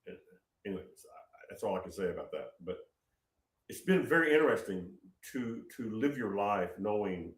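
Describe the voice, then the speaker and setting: A man's voice: low voice, distant mic. Rambling man preaching in a roomy space. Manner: rambling, repeats words, storytelling. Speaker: prophetic speaker. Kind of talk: informal prophetic teaching. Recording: roomy, off-mic.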